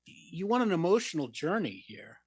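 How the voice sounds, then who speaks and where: A man who is an actor, a guest on a podcast, giving earnest, halting acting advice in casual chat. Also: on the high side, sing-song, husky, no echo.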